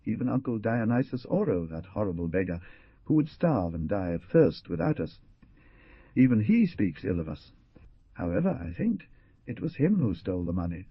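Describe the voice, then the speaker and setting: A man's voice: on the low side, very animated, normal speed, slightly rough, dry recording, lo-fi sound, heavily acted. A man voicing Columba, a distressed young village bride, with an anxious, plaintive delivery in an audiobook reading.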